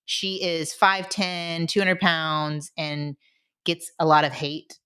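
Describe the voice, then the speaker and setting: Low-voiced chatty woman podcaster. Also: level tone, bright, forceful tone, clean tone. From Indianapolis. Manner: chatty, laughs often, cuts in with quick asides. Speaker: podcast co-host. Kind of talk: casual chat.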